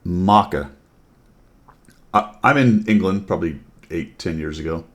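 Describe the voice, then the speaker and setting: A man's voice: deep voice, a little slow. An American man hosting a casual chat show, telling rambling stories full of tangents. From United States. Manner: rambling, tangent-prone storytelling. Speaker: podcast host.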